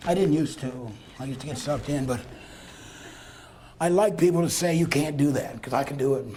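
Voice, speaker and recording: A man's voice: mid-range voice, normal speed, mellow, a little hiss or hum. A man lecturing a seminar class, telling stories and acting out dialogue with frequent chuckles. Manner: storytelling, acts out dialogue, chuckles often. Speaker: lecturer on conflict talk.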